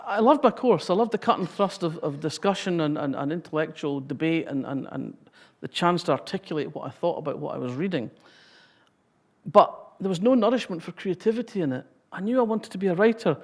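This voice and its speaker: A woman's voice: fairly low pitch, expressive, a little fast. A Scottish woman in her sixties giving a public talk, reading a passage and then telling wry, humorous anecdotes.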